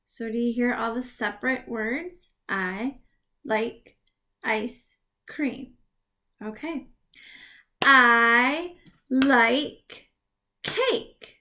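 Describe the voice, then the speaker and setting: A woman teaching a video lesson to young children, clapping out words in a slow, exaggerated, sing-song way. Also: fairly high pitch, a bit bright. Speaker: preschool teacher.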